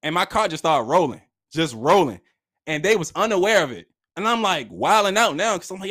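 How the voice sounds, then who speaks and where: A man's voice: a little high, very animated, a little fast, fairly bright tone. A man telling a story from his own life in casual, slangy talk, acting out the voices of the people in it.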